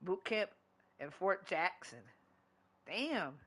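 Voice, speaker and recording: A man talks to his stream while he plays, rambling from one gripe to the next and swearing in nearly every sentence. His voice is bright and forward. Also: sits high, expressive, slow, a little hiss or hum. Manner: profane, loose and rambling. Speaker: gaming streamer. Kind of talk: casual chat while gaming.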